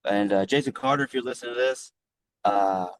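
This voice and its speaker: A middle-aged man who owns a flooring business, telling stories lively and casually in an interview, swearing freely. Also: medium pitch, fairly quick, slight background noise, low-quality recording. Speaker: guest, flooring business owner.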